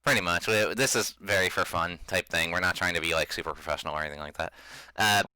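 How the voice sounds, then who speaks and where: A man's voice: low voice, fast, background noise. A man hosting and running a casual tabletop game, laid-back, with lots of fillers and laughs. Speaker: game master and host.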